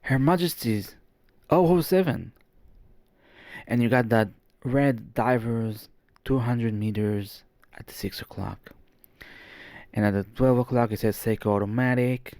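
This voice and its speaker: A man's voice: mid-range voice, measured pace, darkish tone, no echo. A man hosting a casual show-and-tell vlog indoors at home, talking with rambling enthusiasm and plenty of fillers and restarts. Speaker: watch vlogger.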